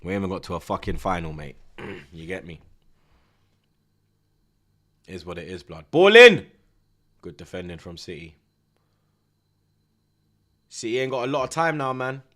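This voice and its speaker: A man, hosting a live football watchalong, chatting in heavy street slang with the viewers and shouting at big chances. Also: low voice, normal speed, long pauses.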